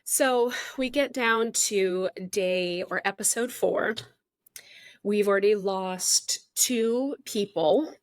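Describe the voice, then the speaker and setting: A woman's voice: mid-range voice, slow pace, dry recording, clean studio sound. A middle-aged woman hosting a podcast, telling a story in a candid, chatty way that jumps around. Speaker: podcast host. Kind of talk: casual storytelling.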